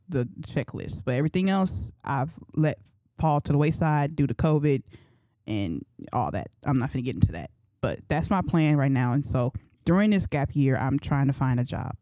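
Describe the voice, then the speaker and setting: A young woman in her twenties hosts a faith podcast, chatting in a loose, slangy way and thinking out loud as she goes. Her voice sits low and sounds mellow and relaxed. The sound is dry and close, with no room echo. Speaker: podcast host. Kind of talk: casual faith talk.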